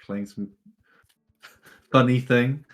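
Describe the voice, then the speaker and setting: A man co-hosting a casual gaming podcast, speaking softly and often trailing off. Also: medium pitch, steady tone, very slow. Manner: soft-spoken, trailing off, laughs often. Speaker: podcast co-host. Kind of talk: casual chat about game demos.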